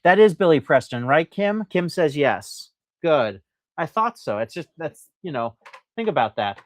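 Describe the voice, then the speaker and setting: His voice is on the high side and very animated, yet he keeps a measured pace in a studio-quality recording with no echo. He is a man hosting a live stream that sells antiques, presenting in a chatty, eager, rambling way and reading out comments from viewers with plenty of fillers.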